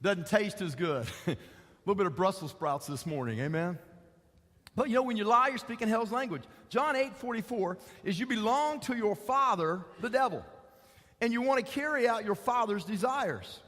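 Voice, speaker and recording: High-voiced preaching pastor in a church hall. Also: male voice, animated, moderate pace, a bit bright. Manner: preaching with repeated rhetorical questions. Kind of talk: sermon. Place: church sanctuary.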